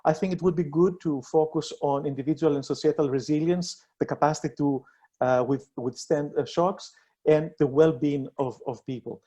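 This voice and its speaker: A man presenting a policy proposal in an online debate, earnest and halting, with many fillers and restarts. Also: fairly high pitch, steady tone, warm tone.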